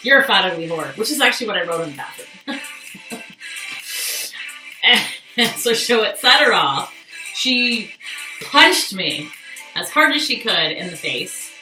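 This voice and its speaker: A woman's voice: medium pitch, sing-song, unhurried, pauses often, bright, forceful tone, far from the mic. A young woman telling a personal story on a live stream, candid and profane, chatting with viewers. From Canada. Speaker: livestream host. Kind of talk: casual storytelling. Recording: echoey room, off mic, faint music.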